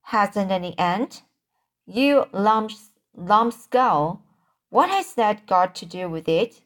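A stern older aunt scolds a boy in a slow, halting voice that trips over words and goes back to repeat them. A woman reads her lines aloud in a storybook reading. The voice sits at a middling pitch, plain and unhurried. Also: expressive. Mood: scolding.

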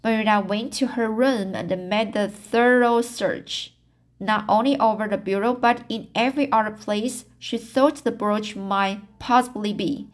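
A woman narrating a classic novel as an audiobook, plain and unhurried with small slips. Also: medium pitch, steady tone. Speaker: audiobook reader.

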